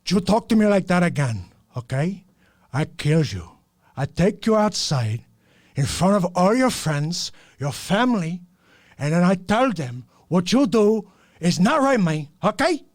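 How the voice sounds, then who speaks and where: A man's voice: sits high, big pitch swings, no room sound, clean studio sound, full character voice. A man doing a menacing broken-English gangster. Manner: swaggering, drawn-out threats. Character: male gangster, tough, threatening, brash.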